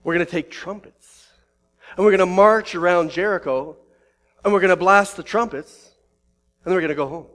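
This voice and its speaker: A male pastor preaching a sermon, telling a story with animated acted-out dialogue. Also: high-pitched, moderate pace, long pauses.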